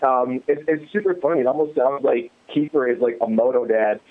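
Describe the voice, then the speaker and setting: A man's voice: mid-range voice, a little fast. Male guest, laid-back chatter, phone-quality audio. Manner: amused, laid-back, lots of fillers. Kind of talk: casual chat. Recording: tinny phone line.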